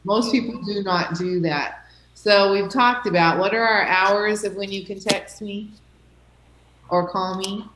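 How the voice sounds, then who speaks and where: A woman teacher at a middling pitch, gently reassuring her students and often checking that they follow along. Her voice carries a roomy echo, as if recorded across a classroom. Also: steady tone, measured pace, a little hiss or hum. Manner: reassuring, checks in with "okay?" and "right?". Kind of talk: classroom talk.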